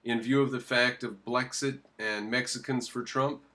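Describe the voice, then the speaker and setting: A man in the middle of opinionated commentary, with a voice of ordinary pitch. He presses his points hard, asking rhetorical questions and answering them at once. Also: fairly even intonation, normal speed, sharp tone. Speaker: political commentator reacting to a video clip.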